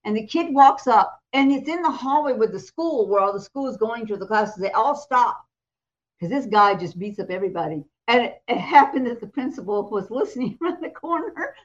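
An American woman who co-hosts a talk show and is a prophetic minister tells a story with lively energy, acting out the voices of the people in it and laughing often. Her voice is fairly high and brisk, and the sound is lo-fi.

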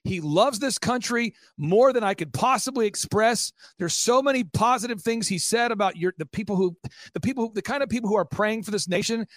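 A man telling an excited testimony as an interview guest, fast and intense, acting out quotes as he goes. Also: sits high, no echo.

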